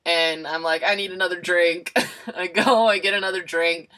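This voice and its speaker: A woman's voice: lowish voice, fairly even intonation, moderate pace, bright, forceful tone. A young woman telling an embarrassing personal story in a candid, self-mocking way, acting out her own lines. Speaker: vlogger. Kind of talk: casual storytelling.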